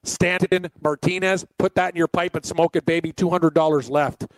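A man co-hosting a casual sports chat, excitable and jokey, rambling through picks. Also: fairly high pitch, moderate pace, no echo. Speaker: co-host.

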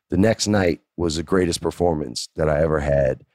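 A middle-aged American man with a very low, deep voice tells a story in a loose, animated way. He talks casually, stacking fillers and restarting his sentences. The sound is dry and close, with no room echo. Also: a little fast, few pauses. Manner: animated, conversational, lots of fillers.

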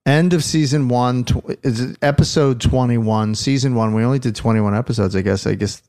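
Middle-aged male podcast host, gravelly, rambling, playful, lots of restarts. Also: medium pitch, brisk, darkish tone. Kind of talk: casual chat.

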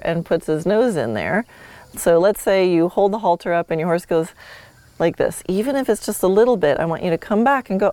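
A woman's voice: mid-range voice, animated, normal speed, darkish tone, dry recording. A woman teaching horsemanship in a friendly, easygoing way. She laughs often and acts out how a horse might reply. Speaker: horsemanship instructor. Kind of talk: teaching an online course lesson.

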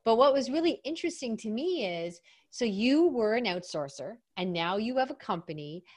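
A woman hosting a podcast interview in an animated way, laughing often and asking guiding questions. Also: fairly high pitch, moderate pace. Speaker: podcast host.

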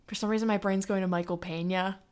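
A woman's voice: medium pitch, fairly even intonation, quick pace, darkish tone, clean tone. A woman co-hosting a podcast in casual chat, asking questions and reacting. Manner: chatty, asks questions, reacts briefly. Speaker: podcast co-host.

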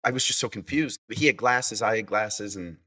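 Low bright-voiced man telling a story. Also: moderate pace. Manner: rambling with restarts and acted-out quotes. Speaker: guest. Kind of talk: casual storytelling.

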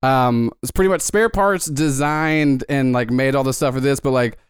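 Guy running a tabletop game, rambly, smooth clear voice, dry mic. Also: medium pitch, normal speed, no echo. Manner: rambling, lots of fillers. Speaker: game master.

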